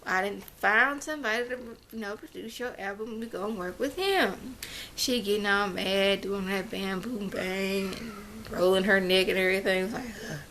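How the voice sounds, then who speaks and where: A woman's voice: mid-range voice, moderate pace, fairly bright tone. A woman casually recapping a TV show, chatty and gossipy, slipping into quoted voices as she paraphrases. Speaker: TV show reviewer.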